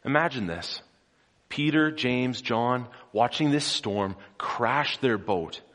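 With an animated delivery at a slow pace and a medium pitch, a preacher tells the story dramatically, rising to forceful volume and dropping to hushed tones while questioning his congregation. The recording carries long hall reverb.

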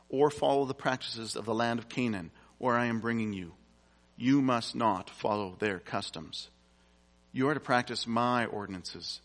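A man's voice: mid-range voice, fairly bright tone. A man preaching a sermon, reading scripture aloud and explaining it in a conversational way with casual asides. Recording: long reverb from a large hall.

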